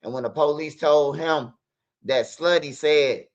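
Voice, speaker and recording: A man hosting a news commentary stream, telling street stories in a loose, animated way. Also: a little high, a little slow. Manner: animated, acts out fight sounds and quotes. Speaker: commentary channel host. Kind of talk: casual storytelling commentary. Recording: dull lo-fi audio.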